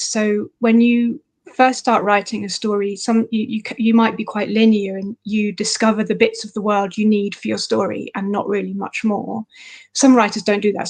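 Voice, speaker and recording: Woman author chatting in a live interview, pretty flat even voice, lots of ums. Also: mid-range voice. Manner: thoughtful, rambling with fillers. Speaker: author guest. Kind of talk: livestream interview.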